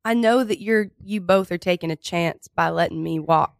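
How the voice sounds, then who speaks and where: Brief: woman improvising gloating dark-magic redhead, lowish voice, dry close sound. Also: moderate pace, gravelly, no room sound. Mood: apologetic.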